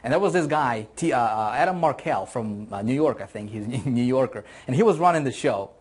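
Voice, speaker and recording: A man's voice: mid-range voice, animated, brisk, breathy edge. A man teaching an online marketing course in a motivational video lesson, talking with energy and enthusiasm and repeating phrases for emphasis.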